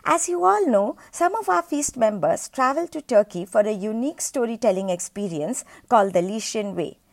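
High-voiced woman, podcast storyteller, casual and chatty. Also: animated, normal speed, gravelly. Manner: chatty, stumbles and repeats words.

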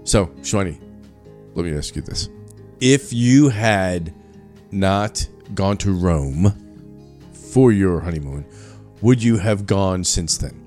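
A man's voice: low voice, expressive, slow pace, a little mellow, soft background music. Teasing middle-aged man asking questions. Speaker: podcast co-host. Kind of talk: casual chat.

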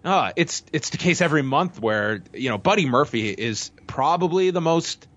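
A male podcast guest who analyzes wrestling storylines in a measured, opinionated way, often using figurative phrasing. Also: fairly high pitch, lively intonation, fairly bright tone, lo-fi sound. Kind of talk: analytical casual chat.

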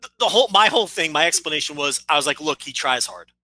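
A man's voice: on the high side, animated, fast talker, pushed and bright, rough recording. A man co-hosting a wrestling podcast, telling stories with wry exasperation in casual chat. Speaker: podcast co-host.

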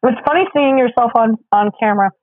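A woman in a laid-back chat, her voice a little higher than most and full of easy fillers. The sound is dry and thin, like a phone line. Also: quick pace, no room sound. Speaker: podcast guest, background actor. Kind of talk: casual chat.

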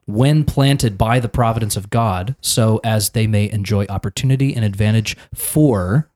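A low-pitched American man talks through a point of church doctrine in casual conversation. He stops and restarts often, repeating small words while he searches for the next one. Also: darkish tone. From United States. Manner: halting, many restarts, thinking aloud. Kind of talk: casual theological discussion.

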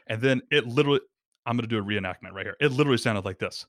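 A man explaining podcasting as a guest in a casual talk, lively and acting out little quotes. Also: mid-range voice, racing, dry recording, studio quality.

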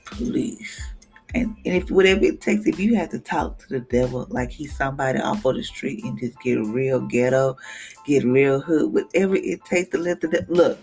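A woman's voice: a bass voice, lively intonation, normal speed, darkish tone, husky, faint music behind. A woman hosting a devotional podcast, speaking in a casual, emphatic way and acting out what she said to others.

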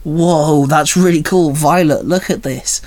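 A bubbly, chatty teenage girl who gushes with excitement, as a man puts her on. Her voice jumps up high and lively, storybook style. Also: unhurried, lightly acted. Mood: excited. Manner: gushing, excitable.

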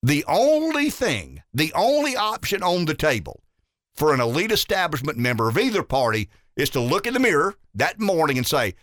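A man's voice: fairly high pitch, very animated, moderate pace, a bit bright, no echo, clean studio sound. A man hosting a talk radio show, delivering an emphatic, opinionated political monologue and often repeating words as he builds a point.

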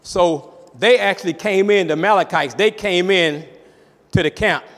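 A male pastor preaching a sermon with emphatic call-outs, his voice sometimes rising to a shout. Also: sits high, moderate pace, in a large hall.

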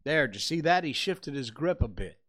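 A man voicing a determined young man who gives urgent, forceful orders in a storybook reading. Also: mid-range voice, very animated, moderate pace, slightly rough, dry recording, clean studio sound.

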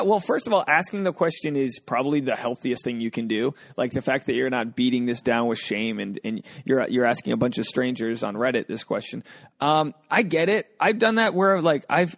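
Gravelly-voiced man hosting a podcast. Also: mid-range voice, expressive, fairly quick, no echo. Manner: loose, joking, reads listener questions then riffs. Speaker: podcast host. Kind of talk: casual solo podcast talk.

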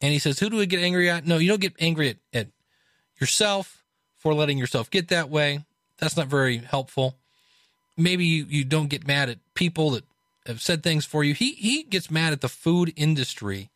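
Animated man discussing a book, higher voice. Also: moderate pace, no room sound, studio quality. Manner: conversational, frequent restarts and fillers. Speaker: podcast host reviewing a book.

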